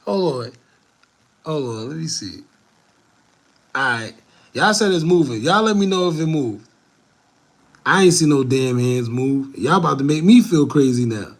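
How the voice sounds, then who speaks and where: A man's voice: mid-range voice, lively intonation, normal speed, pauses often. A young man, reacting to a video for viewers, breathless, laughing and swearing casually. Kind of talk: casual commentary, talking to viewers.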